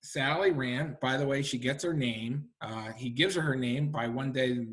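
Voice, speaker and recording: A middle-aged man, an author and historian, giving a lively library lecture to an audience, chatty and full of rhetorical questions. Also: medium pitch, moderate pace. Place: library talk room.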